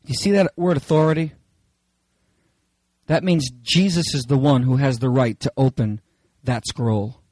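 A man preaching a sermon with passion, swinging between raised, shouted lines and hushed asides. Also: medium pitch, measured pace, no room sound, low-quality recording. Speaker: pastor.

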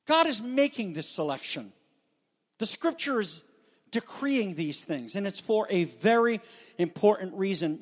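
A man preaching a sermon as pastor, with animated, dramatic emphasis, speaking to a congregation. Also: high-pitched. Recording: long hall reverb.

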